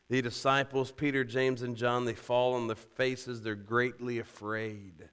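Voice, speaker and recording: Male preacher, sermon delivery, slow and deliberate, crisp resonant tone, conversational and animated. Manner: animated, rising loud and high when quoting scripture; conversational asides, rhetorical questions.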